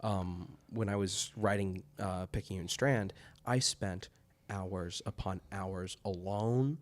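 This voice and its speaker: Male host, low voice, very slow delivery, reflective. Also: steady tone. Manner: unhurried, reflective, with many hmms and short agreements. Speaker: show host. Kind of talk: casual interview chat.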